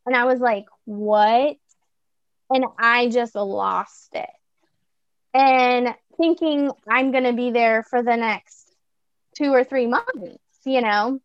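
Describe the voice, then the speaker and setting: Young woman, podcast guest, chatty storyteller with fillers, slightly high pitch, muffled recording. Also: slow pace, clear, resonant tone, dry recording. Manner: chatty, lots of fillers and restarts. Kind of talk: personal storytelling. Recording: dull lo-fi dry recording.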